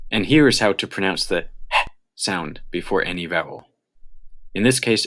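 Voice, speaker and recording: Man, American accent, fairly low voice, scripted explainer narration, careful and measured. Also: a bit bright. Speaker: channel host.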